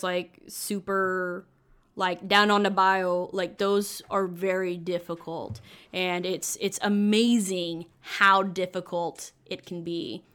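A woman's voice: medium pitch, fairly bright tone, smooth. A young adult woman chatting enthusiastically as a podcast guest, drifting from one tangent to the next. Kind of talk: casual chat.

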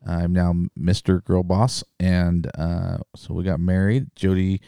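A man with a lowish voice co-hosts a podcast in loose, joking chat. He rambles and restarts his sentences often. The sound is close and dry, with no room echo. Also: flat delivery, unhurried, creaky, dark tone, clean tone. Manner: rambling, jokey, trailing restarts. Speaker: podcast co-host. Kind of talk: casual chat.

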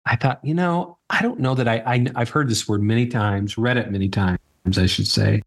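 A man co-hosting a podcast, explaining things in a measured, thoughtful way. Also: mid-range voice, vocal fry, slightly rough. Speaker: podcast co-host. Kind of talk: casual podcast chat.

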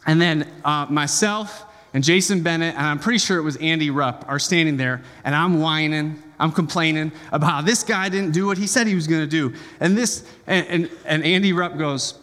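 A man's voice: fairly high pitch, normal speed, few pauses, a bit bright, big-room sound. A man preaching a sermon as pastor, conversational and joking, often checking in with the congregation.

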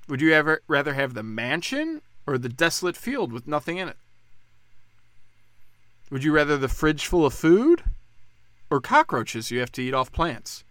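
A man delivering a profane, sarcastic political rant, swinging between loud outbursts and low muttering. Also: dry recording. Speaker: political commentator.

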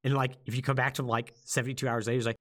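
A man co-hosting a podcast, retelling a game's story in a loose, animated way and acting out the lines of its characters. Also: medium pitch, very fast. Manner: animated storytelling, acts out quotes. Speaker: podcast co-host. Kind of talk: casual podcast chat.

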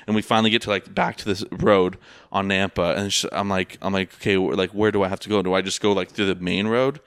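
A man's voice: low-pitched, fairly even intonation, quick pace, clear, resonant tone, dry recording. A young man telling a rambling story in casual chat, full of fillers and swearing. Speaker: rideshare driver.

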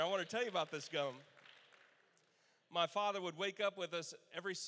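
A man in his thirties preaching a Father's Day sermon, storytelling with bursts of laughter and acted-out quotes. His voice sits high for a man. The sound carries a long reverb from the church sanctuary. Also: bright, forceful tone. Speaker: pastor.

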